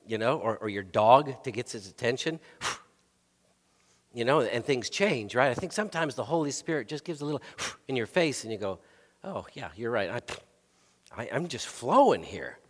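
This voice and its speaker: A man preaching a sermon as a pastor, in a lively, conversational way with frequent restarts. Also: on the high side. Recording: long hall reverb.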